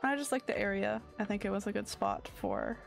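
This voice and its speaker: A woman's voice: mid-range voice, huge pitch swings, a little fast, vocal fry, soft background music. A woman streamer giving casual gameplay commentary in a sleepy, rambling way, often searching for her words. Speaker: game streamer.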